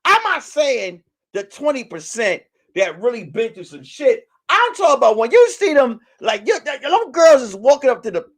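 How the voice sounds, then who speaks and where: A man hosting a live stream, telling stories in a loud, animated and profane way that breaks into shouts on punchlines. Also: very high-pitched, normal speed. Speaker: host. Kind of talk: casual live-stream storytelling.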